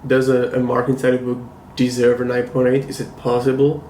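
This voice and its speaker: A man hosting a casual review vlog, talking to camera in a measured, thoughtful and critical way. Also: mid-range voice, monotone, warm tone, slight background noise. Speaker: comic book collector and channel host. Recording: roomy echo, faint ambience.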